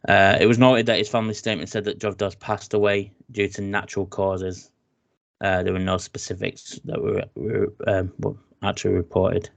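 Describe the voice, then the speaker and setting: English guy on a podcast reading out wrestling news, lowish voice, lots of uhs. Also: level tone, normal speed, gravelly. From England. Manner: reads news aloud with fillers and restarts. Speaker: podcast host.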